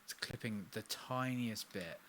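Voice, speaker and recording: A young man, a singer-songwriter chatting casually on a live stream during a recording session, self-mocking with soft muttered asides. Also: fairly low pitch, a little slow.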